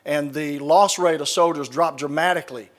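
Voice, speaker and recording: A man's voice: fairly high pitch, steady tone, moderate pace, fairly bright tone. A middle-aged man with a Southern US accent telling folksy stories with dry punchlines to a live audience. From Southern United States. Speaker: keynote speaker. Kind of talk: speech with humorous anecdotes. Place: large conference hall, live audience. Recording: reverberant hall.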